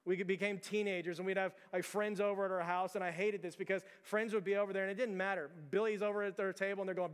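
A man's voice: high-pitched, flat delivery, fast, few pauses, smooth. A young man preaching a sermon to his congregation, with a passionate, repetitive cadence. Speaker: pastor. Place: church sanctuary. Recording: long church reverb.

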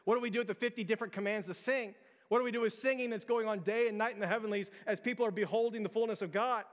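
A man in his thirties preaches in a casual, conversational way, restarting phrases and then rising to emphatic peaks. His voice sits fairly high for a man. The sound carries a long reverb from the church sanctuary. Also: fairly even intonation, racing. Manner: conversational, repeats words, builds to emphatic peaks. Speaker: pastor. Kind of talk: sermon.

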